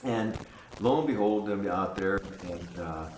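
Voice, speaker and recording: Older man, low voice, earnest testimony storyteller, recorded roomy and off-mic. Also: a little slow, a little hiss or hum. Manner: earnest, animated storyteller who repeats himself. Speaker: guest giving a testimony. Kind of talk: casual spoken testimony. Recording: roomy sound from a distance.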